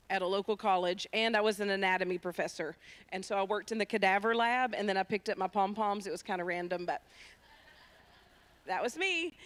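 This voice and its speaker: A woman from Tennessee, a ministry founder giving a lively, emphatic testimony in a church. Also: medium pitch. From Tennessee, USA. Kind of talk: personal testimony talk. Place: church sanctuary.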